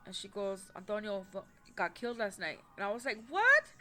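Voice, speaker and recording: A woman telling a personal story in casual, rambling talk, swearing often and restarting her sentences, with soft music behind her. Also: mid-range voice, fairly quick. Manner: rambling, profane, with many fillers and restarts.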